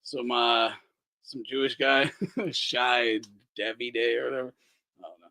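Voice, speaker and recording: A man hosting a boxing talk podcast in a loud, profane, mocking chat. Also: medium pitch, little pitch movement, measured pace, vocal fry. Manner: loud, profane, laughing mockery. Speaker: podcast host. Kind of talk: casual chat.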